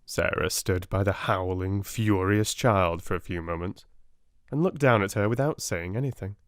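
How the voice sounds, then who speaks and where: A British man narrating a classic novel as an audiobook in an unhurried, expressive way. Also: deep voice, no echo, studio quality. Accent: British English. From Britain.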